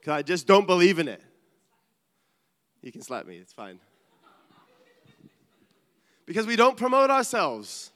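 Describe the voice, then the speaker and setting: A middle-aged man preaching with earnest, animated delivery that sometimes drops to quiet asides. His voice is smooth and resonant, a little higher than most men's. It rings out with the long reverb of a large church hall. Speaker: pastor. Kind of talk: sermon.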